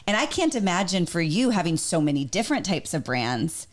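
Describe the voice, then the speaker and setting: A woman's voice: on the low side, sing-song, brisk. A woman hosting a podcast, chatting casually and recalling her shopping TV days. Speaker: podcast host, former shopping TV host. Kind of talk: casual chat.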